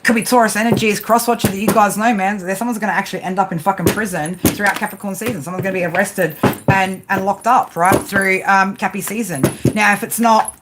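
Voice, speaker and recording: A tarot reader's monologue, recorded at home with clear background noise, is full of profanity and repeated "right?" tags. She bluntly scolds her listeners in a medium-pitched voice, a little fast and fairly even in intonation.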